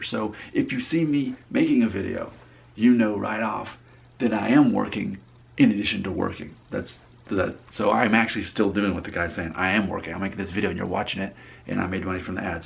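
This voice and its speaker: A man in his late thirties, a casual vlogger who reads his viewers' comments aloud and answers them drily. His voice sits low with a gravelly edge. He talks on and on, often going back over and restarting his phrases. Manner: talkative, repeats and restarts phrases. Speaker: YouTube creator.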